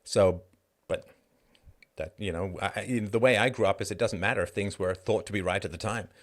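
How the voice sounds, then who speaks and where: A middle-aged man, a guest in an interview, arguing his point emphatically with quick asides and restarts. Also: fairly low pitch. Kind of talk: conversational interview monologue.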